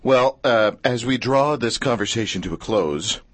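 A man's voice: mid-range voice, lively intonation, normal speed, no room sound. A man hosting a radio talk show, cutting in with wry, teasing remarks. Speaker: radio host. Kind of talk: casual chat.

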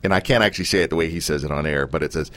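A man's voice: extremely low pitch, rapid-fire, a bit bright. A man from Canada hosting a casual radio talk show, teasing and joking with his guest and rambling between thoughts.

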